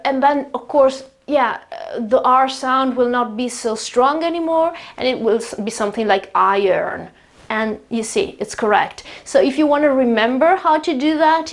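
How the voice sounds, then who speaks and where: Italian woman teaching English pronunciation. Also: on the high side. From Italy. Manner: chatty, explanatory, repeats words slowly to demonstrate. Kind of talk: pronunciation lesson. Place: indoors beside a whiteboard.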